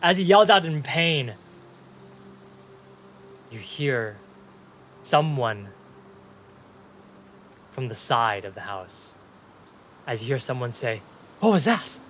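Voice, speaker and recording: A man's voice: medium pitch, slow, pauses often, fairly bright tone, a little hiss or hum. A young man narrating as game master, loose and chatty, breaking into chuckles as he describes the scene.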